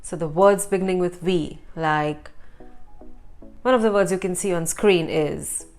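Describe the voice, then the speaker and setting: Woman from india teaching pronunciation, slow careful talk, soft music behind. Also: fairly low pitch. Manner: repeats words slowly, asks the viewer questions. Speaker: language teacher and channel host. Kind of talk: casual online lesson.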